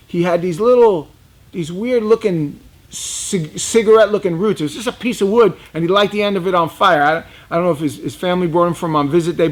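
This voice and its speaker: A man telling a personal story in a rambling, conversational way, chuckling now and then. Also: a little high. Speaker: reptile dealer telling a story. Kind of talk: casual storytelling.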